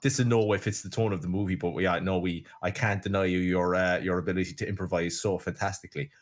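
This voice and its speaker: A man's voice: deep voice, steady tone, fast. A man co-hosting a podcast, nitpicking with sardonic, sweary humour. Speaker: podcast co-host. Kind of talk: casual chat.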